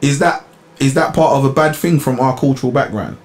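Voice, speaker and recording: A man's voice: mid-range voice, fairly quick, roomy sound. A man, co-hosting a podcast, telling stories in casual banter and laughing as he goes. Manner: animated storyteller, laughs while telling stories. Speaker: podcast co-host.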